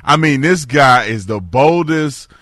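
A man hosting a political talk show, animated and laughing often as he talks with a guest. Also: mid-range voice, a little slow, no room sound, clean studio sound. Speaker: host.

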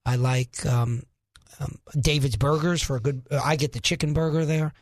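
A man from New York in casual radio banter, opinionated and quick to disagree, on a studio microphone. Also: mid-range voice, steady tone.

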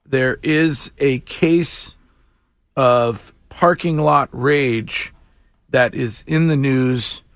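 A man hosting a morning radio show, talking in a wry, animated way with chuckling asides. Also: mid-range voice, extremely slow, no echo. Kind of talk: casual talk radio banter. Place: radio studio.

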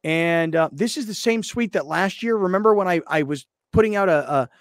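On a sports radio show, a man tells stories in casual banter, an animated storyteller who mimics other people with high voices. He talks a little fast, and the studio-quality recording has no echo.

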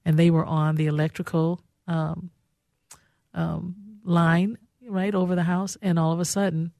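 A woman's voice: lowish voice, little pitch movement, measured pace, vocal fry, warm tone, dry recording, clean studio sound. A woman hosting a radio talk show, chatty and effusive, often laughing. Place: radio studio.

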